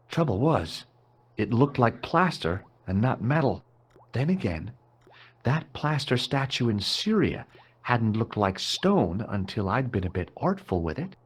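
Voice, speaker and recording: A man's voice: medium pitch, breathy edge. A man voicing a wry detective hero in a game, narrating and talking with dry sarcasm.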